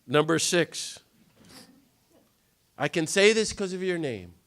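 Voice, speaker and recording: A man delivers a spirited talk to an audience in a hall, with a somewhat high speaking voice. He keeps slipping into the voices of the people he quotes and then returns to his own. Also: expressive, takes it slowly, a bit bright. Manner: impassioned, jumps into quoted voices. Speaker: speaker on nonviolence. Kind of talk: animated lecture to a live audience. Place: conference hall.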